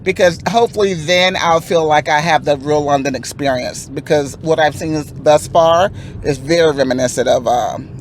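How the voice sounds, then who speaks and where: A woman's voice: deep voice, normal speed, slight background noise. A woman in her forties from Florida, a guest speaking in a composed, articulate way inside a car. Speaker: guest, mother of a football player.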